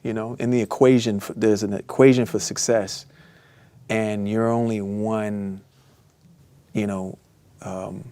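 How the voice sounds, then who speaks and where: A man's voice: on the low side, flat delivery, measured pace, pauses often, warm tone, smooth, dry recording. A man in his forties talking reflectively in an interview, grateful, with many fillers.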